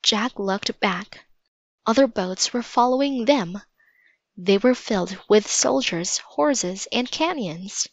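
A woman reading a children's chapter book aloud in a slow, steady manner. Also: mid-range voice, dry recording. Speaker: storybook reader.

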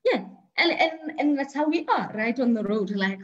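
A woman's voice: fairly high pitch, animated, normal speed, lo-fi sound. A woman leading an interactive online talk, asking the audience questions and often repeating words as she thinks aloud. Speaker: speaker leading an online discussion.

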